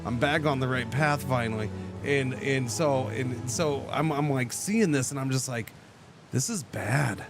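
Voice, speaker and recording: A man's voice: medium pitch, moderate pace. A man streaming a game, telling a rambling story in casual chat with lots of restarts. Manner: rambling, animated, many restarts. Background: background music.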